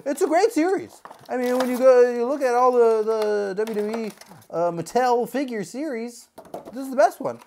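A man's voice: very high voice, animated, moderate pace, dark tone, slight background noise. A man hosting a comedic unboxing video, talking in a goofy, jokey, rambling way. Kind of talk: casual comedic unboxing chat.

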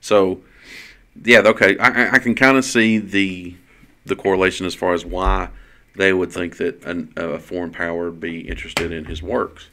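A man's voice: low-pitched, steady tone, normal speed, fairly bright tone. A man co-hosting a casual podcast, joking around and chatting loosely. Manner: jokey, puts on silly voices. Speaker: podcast co-host. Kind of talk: casual chat.

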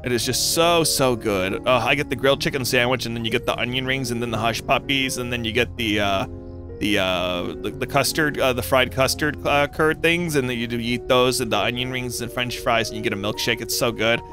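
A young man from North Carolina giving casual, rambling gameplay commentary as a gaming YouTuber, giggly and excitable. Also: medium pitch, brisk, over music.

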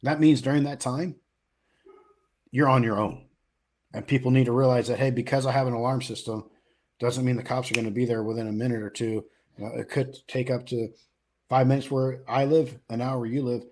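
A man's voice: mid-range voice, steady tone, a little fast, darkish tone, a little hiss or hum. A middle-aged man from the US West Coast co-hosting a podcast, talking casually with frequent fillers and restarts. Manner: conversational, many fillers and restarts. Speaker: podcast co-host. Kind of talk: casual chat.

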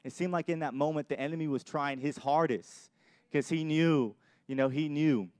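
A man's voice: a little high, moderate pace, a little mellow, dry recording, clean studio sound. A young adult man pastor giving an earnest sermon with personal testimony, often repeating and restarting his phrases. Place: church.

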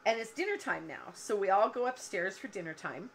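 A woman's voice: medium pitch, very animated, brisk, creaky, a little hiss or hum. A woman hosting a cardmaking livestream from her home craft room, chatting and telling long stories while she works. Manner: chatty, rambling storyteller who laughs often. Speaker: cardmaking show host.

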